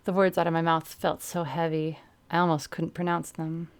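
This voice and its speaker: A woman's voice: low voice, level tone, moderate pace, few pauses, smooth. A woman streamer reading a first-person story aloud, breaking off now and then to comment.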